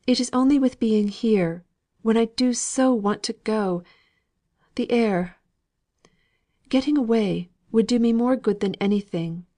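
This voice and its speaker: A woman's voice: medium pitch, measured pace, long pauses, lightly acted. A woman voicing a faint but determined injured young woman in an audiobook reading. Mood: pleading. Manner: soft, pleading yet resolute.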